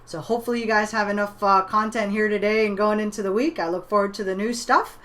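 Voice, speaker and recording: A woman's voice: medium pitch, fairly even intonation, quick pace, fairly bright tone. Woman telling a motivational story. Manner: conversational, many "you know" and "right?" tags. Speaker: online business trainer.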